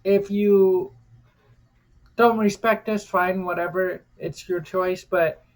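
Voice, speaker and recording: Slow-talking defiant woman vlogger. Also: medium pitch, fairly even intonation, a little mellow. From United States. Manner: defiant, cursing freely; repeats phrases for emphasis. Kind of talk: impassioned vlog rant.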